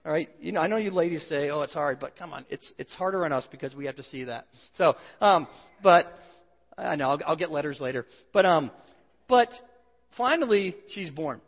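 A man's voice: on the high side, animated, moderate pace. A man in his forties preaching a sermon, telling a humorous, self-deprecating family story to his congregation. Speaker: pastor. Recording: dull sound with long hall reverb.

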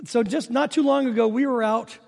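High-voiced pastor in a reverberant hall. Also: male voice, fairly even intonation, fairly quick, vocal fry, a little mellow. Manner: conversational storytelling with humor. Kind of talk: sermon.

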